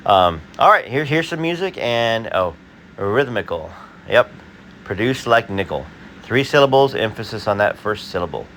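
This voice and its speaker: A man hosting his video and reading viewer comments in a casual, halting way, full of fillers and restarts; he sounds tired. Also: mid-range voice, very animated, a bit bright, slight background noise.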